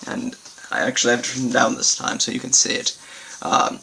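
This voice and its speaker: A man teaching a language lesson on video, halting with many fillers and repeating example sentences slowly. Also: mid-range voice, steady tone, gravelly, pushed and bright, slightly rough, poor audio. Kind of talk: informal recorded lesson.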